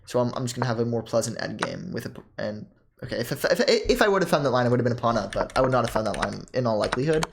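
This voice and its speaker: Halting young man reviewing chess, keyboard clicks. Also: medium pitch, lively intonation, creaky, noisy background. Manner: halting, self-correcting, many ums and laughs. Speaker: chess vlogger reviewing his own game. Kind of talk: casual thinking-aloud game review.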